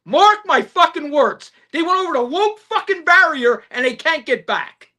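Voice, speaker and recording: A woman with a high, bright, sharply lively voice, ranting on a podcast in a fired-up, profane way. She hammers points home by repeating them, swearing freely and swooping up and down in pitch as she goes. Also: normal speed. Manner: fired up and profane, emphatic repetition. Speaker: podcast co-host. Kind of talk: heated political rant.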